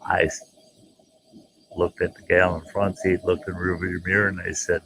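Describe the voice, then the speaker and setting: A man telling a folksy, animated story as the host of his own show, jumping into voices for the people he quotes. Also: sits low, normal speed, creaky, pauses often, a crowd in the background, low-quality recording. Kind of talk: casual spoken storytelling.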